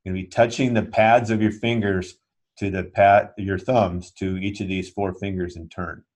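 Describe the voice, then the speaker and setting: A man with a fairly low voice leads a yoga class over a video call. He explains each step patiently and keeps checking that his students are following along. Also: little pitch movement, moderate pace, a little mellow. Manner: patient, checks understanding often. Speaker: yoga teacher. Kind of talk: instructional class talk.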